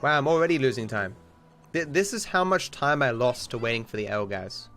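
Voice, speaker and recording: An Australian man commentating his own live speedrun, excitable and self-mocking, with frequent swearing. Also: medium pitch, fairly quick. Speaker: streamer.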